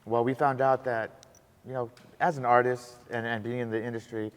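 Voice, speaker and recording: A man chatting on a podcast, telling a lively story, acting out the dialogue and calling people bro. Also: medium pitch, moderate pace, smooth. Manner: animated, acts out dialogue, says bro. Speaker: podcast guest. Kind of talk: casual storytelling chat. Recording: long roomy reverb.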